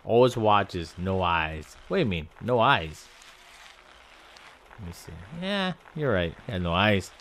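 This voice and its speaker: A man giving casual let's-play commentary, excitable and reacting to the game with goofy exclamations and yelps. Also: deep voice, slow. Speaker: gaming video host.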